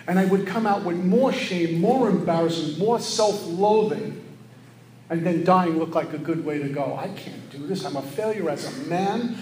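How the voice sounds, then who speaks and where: Man, middle-aged, high-pitched, earnest recovery share, echoey room, faint background hum. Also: darkish tone. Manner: earnest, preachy, quotes himself in quick asides. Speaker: recovery meeting speaker.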